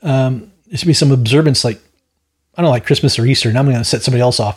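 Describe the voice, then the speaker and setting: A man's voice: mid-range voice, fast talker, husky. A man hosting a Bible study, teaching verse by verse with a rambling, opinionated delivery and frequent stammered restarts. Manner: rambling, stammers and repeats words, opinionated asides.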